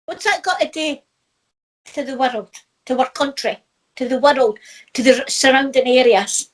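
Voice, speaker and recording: Scottish woman, middle-aged, high bright voice, chatty spiritual teacher who laughs a lot. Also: measured pace. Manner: lively storyteller who laughs often. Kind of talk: casual chat.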